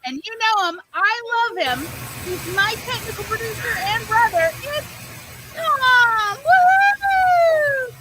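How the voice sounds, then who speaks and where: A woman hosting a casual live-stream chat, bubbly and exclamatory and quick to laugh. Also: very high-pitched, expressive, very noisy. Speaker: podcast host.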